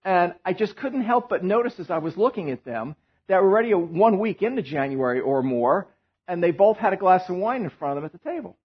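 Pastor guy giving a sermon, kinda husky, dull lo-fi recording, jokes around a lot. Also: high-pitched, fairly quick. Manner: animated, joking storyteller who drops to a hushed tone in prayer.

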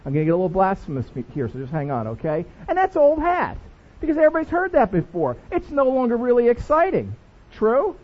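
A man's voice: very high-pitched, wildly swooping pitch, fast talker. A man preaching a sermon as pastor, playful and jokey with his congregation. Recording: dull lo-fi recording.

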